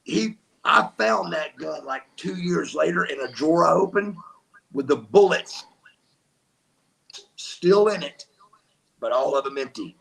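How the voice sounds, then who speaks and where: Gravelly man telling wild stories. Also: on the high side, lively intonation, a little slow, pauses often, a bit bright. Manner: emphatic, acts out quotes. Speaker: guest, former wrestler. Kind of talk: animated storytelling.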